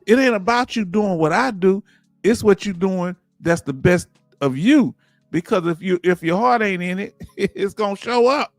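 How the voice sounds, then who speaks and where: A Southern man hosts a casual livestream, his voice sitting a little high for a man. He talks in an animated, preachy way and keeps firing rhetorical questions at the chat. The sound is dry and close, with faint music under it. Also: normal speed, dry recording. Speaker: livestream host.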